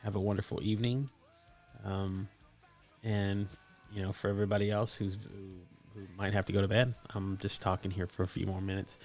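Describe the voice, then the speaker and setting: A man's voice: low voice, little pitch movement, normal speed, a little mellow, soft background music. A man hosting a casual live stream, chatty and enthusiastic with many fillers, his mic voice processed for added depth. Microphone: desktop microphone with voice processing.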